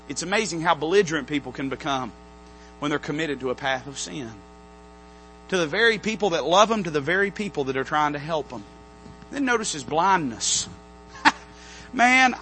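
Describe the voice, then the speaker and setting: Preacher, male: high, bright, forceful tone, animated pulpit delivery, faint mains hum on the recording. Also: breathy edge, low-quality recording. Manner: animated preaching, swings from loud to hushed. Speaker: pastor. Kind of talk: sermon. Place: church sanctuary, from the pulpit.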